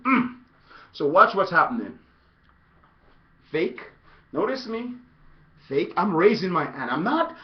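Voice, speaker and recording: A man coaching soccer in a casual video tutorial, playful and animated, breaking into loud shouts. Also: sits high, normal speed, pauses often, highs cut off.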